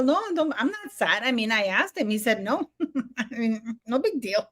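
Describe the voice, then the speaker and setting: A woman's voice: fairly high pitch, big pitch swings, normal speed, a bit bright. A woman hosting a casual live stream, rambling with many fillers and restarts and laughing often.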